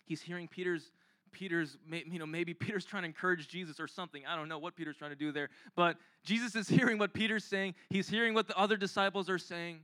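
A man preaching a conversational, animated sermon full of rhetorical questions. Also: sits high, fast, no echo.

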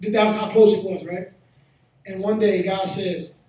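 A man preaching a sermon as pastor, telling a personal story and building to shouted exhortation in a church hall. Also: high voice, steady tone, moderate pace. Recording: echoey hall, mic from a distance.

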